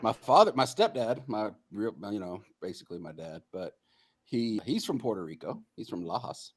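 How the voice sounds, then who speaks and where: A man co-hosting a relaxed podcast with a somewhat low voice. He jokes and teases in an easy, conversational way. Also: moderate pace, husky, no echo. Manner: joking, teasing. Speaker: podcast co-host. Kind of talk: casual podcast chat.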